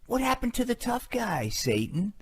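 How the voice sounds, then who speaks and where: A performer voicing a tough-guy Jesus puppet who trash-talks and fights Satan in a comedy puppet show, gruff and macho. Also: mid-range voice, very animated, normal speed. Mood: gruff menace. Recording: submitted home video.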